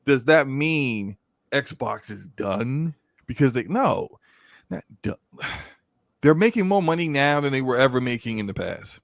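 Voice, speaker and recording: Brief: male guest, mid-pitched, dry close sound, rambling storyteller. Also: animated, unhurried, vocal fry, dry recording. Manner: rambling, stammering restarts, acting out skits. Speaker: podcast guest. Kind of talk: casual podcast chat.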